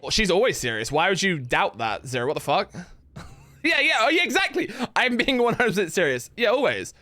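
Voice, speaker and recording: A male streamer chatting casually with his viewers while playing a game, rambling between thoughts and laughing easily. His voice is fairly high and bright, and it moves around a lot with animated ups and downs. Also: no echo. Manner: rambling, swearing, quick to laugh. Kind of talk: casual live-stream chat while gaming.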